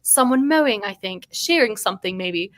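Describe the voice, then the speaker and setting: A woman's voice: medium pitch, animated, normal speed, fairly bright tone, dry recording, clean studio sound, natural voice. A woman doing a put-on British accent to voice a chatty man in a polo shirt.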